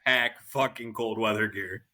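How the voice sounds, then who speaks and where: A man co-hosting a casual chat, wry and profane in a deadpan way. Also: fairly low pitch, measured pace. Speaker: podcast co-host, army veteran.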